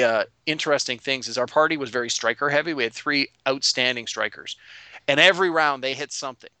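A man who is a game master, recapping a tabletop session in animated casual chat. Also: fairly high pitch, smooth, no echo.

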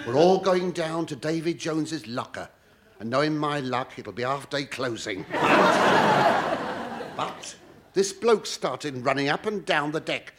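A man's voice: medium pitch, lively intonation, measured pace, over a noisy crowd. A man doing a camp, theatrical, mock-indignant stand-up comedy monologue on a TV studio stage. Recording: noisy old broadcast recording.

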